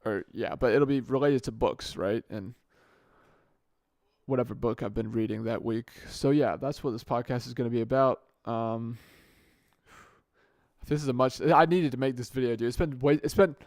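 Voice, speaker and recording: A man's voice: mid-range voice, moderate pace, a little mellow, dry recording, studio quality. A young man hosting his own podcast, talking off the cuff on a good microphone, rambling and often restarting or correcting himself mid-sentence. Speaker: podcast host. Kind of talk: casual solo podcast monologue.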